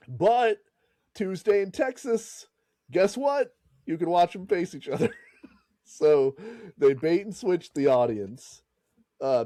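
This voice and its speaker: A man's voice: fairly high pitch, warm tone, no echo. A man hosting a podcast, casually retelling a story and laughing and swearing as he goes. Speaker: podcast host.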